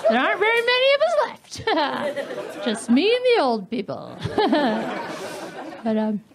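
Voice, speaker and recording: A woman comedian doing a stand-up set of dark one-liners, giggling at her own jokes on a club stage mic. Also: sits high, huge pitch swings, measured pace, a crowd in the background. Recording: live club set with audience laughter and noise.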